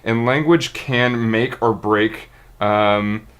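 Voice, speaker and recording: A man's voice: on the low side, fairly even intonation, takes it slowly, fairly bright tone, clean tone. A man, a streamer, talking unscripted to his viewers in a rambling, earnest way, often restarting and tripping over his words. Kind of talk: unscripted monologue to camera.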